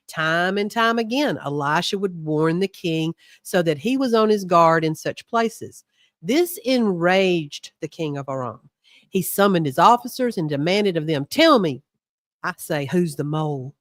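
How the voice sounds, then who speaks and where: A woman's voice: fairly low pitch, dry recording. Woman co-host, bible study, reads verses then jokes about them, dry close sound. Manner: chatty asides and laughs between read passages. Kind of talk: Bible study discussion, reading scripture aloud.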